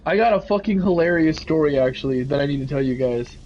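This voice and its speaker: A young man telling a rambling, animated story in a casual, swearing way while playing a game. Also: fairly high pitch, quick pace. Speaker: gaming video host. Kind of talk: casual storytelling over gameplay. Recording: slightly muffled, faint background noise.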